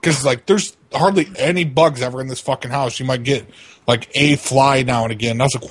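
A man casually telling a profane, animated story about a bug to his co-hosts. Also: mid-range voice, a little fast, breathy edge. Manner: swears constantly, animated storytelling. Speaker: co-host of a prank call show.

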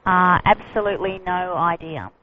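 A woman working as a receptionist, answering a call in a brisk, polite way. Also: lowish voice. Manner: brisk, polite customer service. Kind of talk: phone call. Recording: lo-fi phone call with faint noise.

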